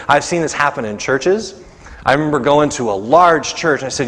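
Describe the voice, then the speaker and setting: A man's voice: fairly high pitch, brisk, fairly bright tone. A male pastor preaching a sermon in a church sanctuary, talking conversationally and acting out the voices he quotes. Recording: long church reverb.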